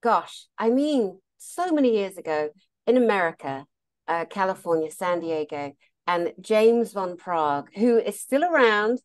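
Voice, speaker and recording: A woman therapist telling stories in a casual conversation, animated and laughing often. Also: mid-range voice, unhurried. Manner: animated, laughs often, acts out quoted voices. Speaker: therapist and meditation teacher.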